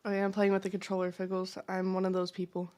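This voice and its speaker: A woman's voice: medium pitch, completely flat delivery, fast, darkish tone. A woman streamer trading crude, teasing jabs with a friend while gaming, swearing a lot and chewing into her mic. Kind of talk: casual gaming stream banter.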